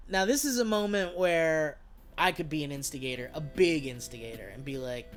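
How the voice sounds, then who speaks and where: A man with a voice on the high side plays a video game on stream at a moderate pace, soft music playing in the background. He rambles casually, cracks jokes and curses freely while addressing his chat.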